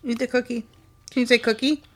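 A woman's voice: on the high side, little pitch movement, fairly quick. Playful woman coaxing a toddler. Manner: playful, coaxing, repeats prompts. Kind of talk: casual home recording, prompting a toddler. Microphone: own microphone.

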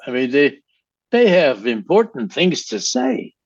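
A man's voice: a little high, very animated, a little slow, vocal fry, dry recording. A man, a guest songwriter, chatting in an interview, laughing often and speaking with emphasis. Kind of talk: casual interview chat. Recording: dull lo-fi, dry sound.

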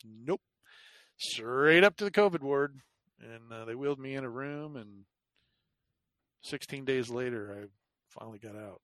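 Sharing the story of his illness, a man casually recounts a hard personal experience, rambling and self-deprecating, with many fillers and restarts. His mid-range voice is fairly bright, a little slow, with long pauses, and the recording is dry.

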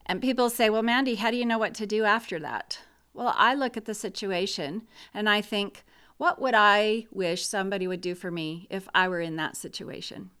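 Blunt woman with a smooth voice. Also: medium pitch, a bit bright. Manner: blunt and opinionated. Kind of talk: casual talk on grief.

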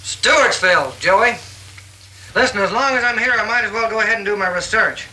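An actor playing a polished city singer, polite and somewhat hesitant. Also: male voice, high voice, brisk, sharp tone. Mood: brisk. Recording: 1960s film soundtrack, distant, faint hiss.

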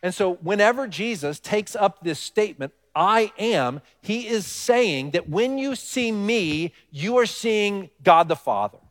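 A man's voice: sits high, animated, a little slow, few pauses, a bit bright. Man preaching in a reverberant hall. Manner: conversational, asks the congregation questions. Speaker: pastor. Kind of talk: sermon. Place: church hall with congregation. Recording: long reverb of a large hall.

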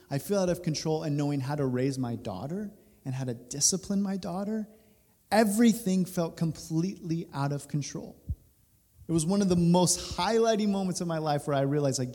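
Dad-type guy in his 30s preaching, mellow voice, lots of hall echo, chuckles as he tells it. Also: fairly high pitch, moderate pace. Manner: storytelling, animated, laughs through the telling. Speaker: pastor. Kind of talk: sermon illustration story. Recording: reverberant hall.

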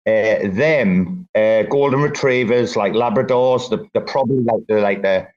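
A man's voice: fairly low pitch, normal speed, a little mellow, muffled recording. A man chatting casually on an online voice call, blunt and matey, swearing freely between fillers. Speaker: participant in an online audio chat room. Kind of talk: casual chat.

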